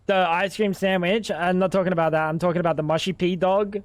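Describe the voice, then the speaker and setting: Pitched high with fairly even intonation, his voice runs fairly quick with few pauses. The man streams a game and keeps up casual, swear-heavy chatter, wandering along as he thinks aloud.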